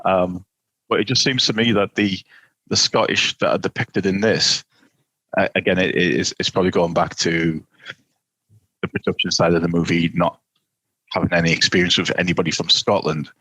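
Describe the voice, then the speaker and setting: A man's voice: low-pitched, fairly even intonation, normal speed, pushed and bright, no room sound, low-quality recording. A man co-hosting a casual film podcast, talking in a rambling, playful way with many restarts. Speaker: podcast co-host. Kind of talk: casual film review chat.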